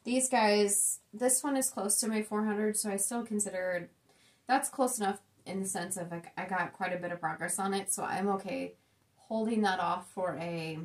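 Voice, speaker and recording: A young adult woman with a mid-range voice, chatting casually about her cross-stitch board. She is supportive and talkative, with quick asides between her updates. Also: mid-range voice. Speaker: co-host of a cross-stitch channel. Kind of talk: casual chat.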